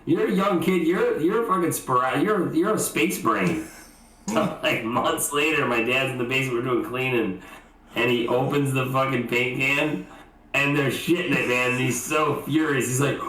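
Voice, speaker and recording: Animated, laughing man in an echoey room. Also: medium pitch, moderate pace. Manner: animated storyteller who laughs and acts out shouted quotes. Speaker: podcast co-host. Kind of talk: casual chat. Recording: echoey room with faint background noise.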